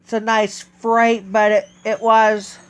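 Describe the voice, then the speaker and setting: Slow, halting man with a smooth voice. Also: sits high, level tone, lo-fi sound. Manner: halting, with many restarts and self-corrections. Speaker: train video vlogger. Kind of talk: casual vlog talk.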